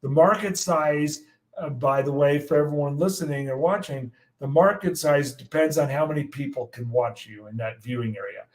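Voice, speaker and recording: Older male meteorologist guest, lively storyteller, somewhat high voice. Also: moderate pace, poor audio. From United States. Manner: animated anecdote telling, acts out quotes. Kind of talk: storytelling in an interview.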